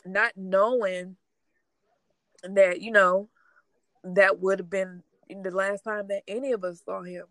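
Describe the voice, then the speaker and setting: A woman speaking in a halting, tearful way, sharing her grief in a casual conversation. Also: medium pitch, fairly even intonation, a bit bright, no echo, poor audio. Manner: halting, tearful, trying not to cry. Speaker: grieving sister sharing her story.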